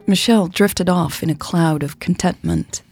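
A woman narrating an audiobook in a measured, even reading style. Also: on the low side, husky, soft background music.

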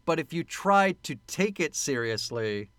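A man's voice: fairly high pitch, sing-song, unhurried, a bit bright, no room sound. A man co-hosting a podcast, chatting casually and joking about a movie, laughing often. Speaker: podcast co-host. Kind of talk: casual movie-review chat.

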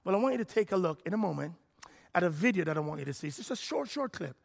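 A man preaching a sermon as pastor, animated and full of repeated phrases. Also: sits high, racing, creaky.

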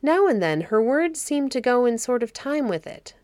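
A woman narrating a fairy story audiobook in a calm, measured way. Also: fairly high pitch, no echo, studio quality. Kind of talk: reading a fairy story aloud.

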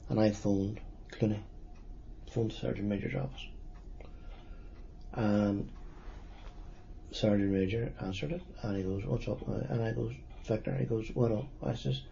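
A man in his sixties with a Derry accent, recalling past events in a halting, plain-spoken way during an oral history interview. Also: lowish voice, creaky, dark tone, a little hiss or hum. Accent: Northern Irish, Derry. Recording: dull lo-fi recording.

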